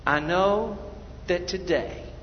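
A male pastor preaching an evangelistic sermon, swinging from loud urgent appeals to hushed prayer. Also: high-pitched, slow pace. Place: church sanctuary. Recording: dull echoey church hall recording with faint noise.

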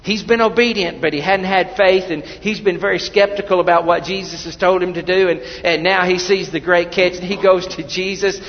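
A man's voice: sits high, steady tone, normal speed, hardly any pauses, in a large hall, lo-fi sound. A man preaching a sermon in a church, talking conversationally, telling personal stories and often restarting his sentences. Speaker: pastor.

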